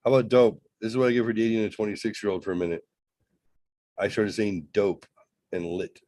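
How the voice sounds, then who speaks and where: Middle-aged male co-host, low-pitched, sarcastic, dry sound. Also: brisk, warm tone, no room sound. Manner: joking, sarcastic, profane. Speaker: podcast co-host. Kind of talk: casual chat.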